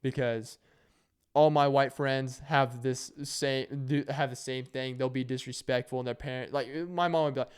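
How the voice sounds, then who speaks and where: A young man, a vlogger, rambles through stories in a casual, joking monologue, shouting out quotes as he acts them. His mid-range voice is smooth and steady in tone, at normal speed.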